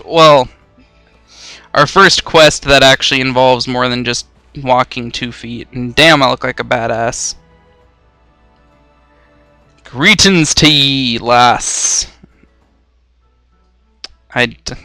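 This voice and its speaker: A man's voice: mid-range voice, pushed and bright, smooth, no echo. A young man giving casual, rambling let's-play commentary, swearing freely and poking fun at himself. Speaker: gaming YouTuber.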